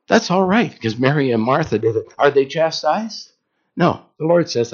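A man's voice: fairly high pitch, lively intonation, moderate pace, dull audio. A man preaching a sermon in a conversational way, asking the congregation questions.

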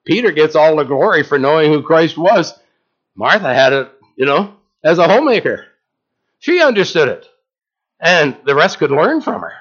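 Preacher with a higher voice on lo-fi audio. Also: male voice, sing-song, moderate pace, a bit bright. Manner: conversational, asks the congregation questions. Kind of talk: sermon.

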